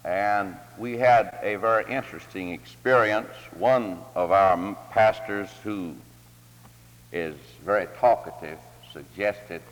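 A pastor from North Carolina, starting a sermon in a relaxed, halting way. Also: male voice, deep voice. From North Carolina, United States. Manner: slow, relaxed, halting delivery. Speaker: pastor and guest speaker. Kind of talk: informal sermon opening. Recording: long hall reverb.

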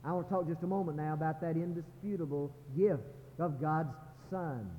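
A man's voice: a little high, normal speed, a little hiss or hum. A man preaching a sermon as a pastor, building to impassioned crescendos. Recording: muffled sermon recording in a reverberant sanctuary.

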